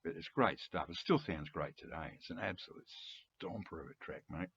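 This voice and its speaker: Older Australian bloke in his seventies, low husky voice, rambling chatty vlog, dull lo-fi sound. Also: moderate pace, fairly bright tone. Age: 70s. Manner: chatty, rambling, chuckling, frequent throat-clearing. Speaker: music collector video host. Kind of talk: casual rambling monologue to camera.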